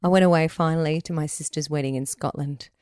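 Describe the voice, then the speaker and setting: A woman co-hosting a podcast, telling lively stories with casual swearing from a bedroom. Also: low voice, fast talker, dry recording, clean studio sound. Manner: lively storytelling, swearing, laughing often. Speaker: podcast co-host. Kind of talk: casual chat. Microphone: headset mic.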